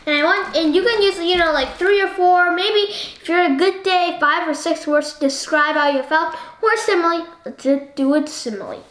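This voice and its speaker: A woman's voice: extremely high pitch, moderate pace, few pauses, fairly bright tone, reverberant. A woman hosting a casual book discussion, rambling and asking the listener one question after another.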